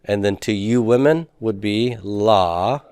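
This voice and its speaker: A man's voice: on the low side, slow pace, a little mellow, clean tone, no room sound. A man teaching a Hebrew grammar class, patiently asking students questions and confirming their answers.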